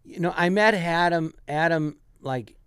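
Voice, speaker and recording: Man with a higher voice, dry close sound, guest comedian, meandering stories. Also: a little slow, fairly bright tone, clear, resonant tone, dry recording. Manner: rambling anecdotes with frequent restarts. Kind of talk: casual storytelling.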